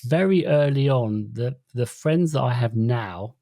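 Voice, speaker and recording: A man's voice: mid-range voice, expressive, measured pace, warm tone, no echo, studio quality. A man co-hosting a podcast, telling stories in a playful, stammering way during casual chat. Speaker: podcast co-host.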